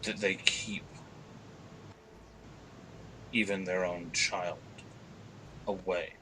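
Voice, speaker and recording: A man playing a measured adventurer in a tabletop game, speaking slowly and deliberately. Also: low-pitched, flat delivery, background noise. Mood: probing.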